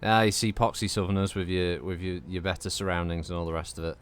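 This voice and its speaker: A man's voice: low-pitched, fairly even intonation, fast, clear, resonant tone. A man from Northwest England with a Northwest English accent, giving rambling, sweary banter as he streams and commentates on a game. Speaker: gaming streamer. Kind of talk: casual gameplay commentary.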